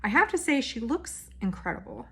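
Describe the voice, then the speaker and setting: A woman's voice: a little high, big pitch swings, moderate pace, creaky, husky. A young woman recapping a reality dating show in a rambling, casual monologue full of fillers and restarts. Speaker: recap podcast host.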